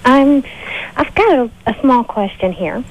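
A woman's voice: on the high side, expressive, a little slow, lo-fi sound. A woman in her twenties calling a radio advice show, asking a question hesitantly. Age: 20s. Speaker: caller.

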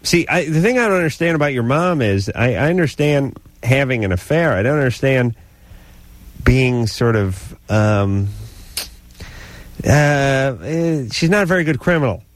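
A man's voice: mid-range voice, animated, moderate pace, dry recording. A man hosting a radio call-in advice show, crude and teasing with callers.

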